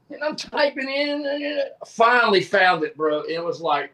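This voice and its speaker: A man co-hosting a racing chat show, telling stories in a casual, animated way and laughing as he goes. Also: high voice, normal speed, creaky. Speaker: podcast co-host.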